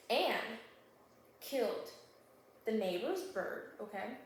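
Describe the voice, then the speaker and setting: A woman recapping a thriller book in a casual vlog, acting out the characters in animated voices and often checking in with the viewer. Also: a little high, normal speed, noisy background. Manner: animated storyteller who acts out characters. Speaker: book vlogger. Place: home kitchen while baking. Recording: very echoey room.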